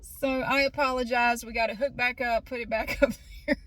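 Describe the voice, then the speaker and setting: A woman's voice: a little high, steady tone, a little fast, fairly bright tone. A middle-aged woman chatting casually in a rambling vlog, often laughing as she talks. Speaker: vlogger.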